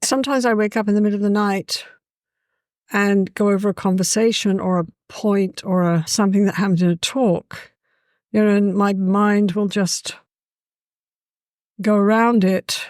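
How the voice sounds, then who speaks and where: Woman, lively storyteller, dry sound. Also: mid-range voice, normal speed, no room sound. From England. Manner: lively, warm-hearted, with a frequent "you know". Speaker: guest. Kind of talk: casual conversational storytelling.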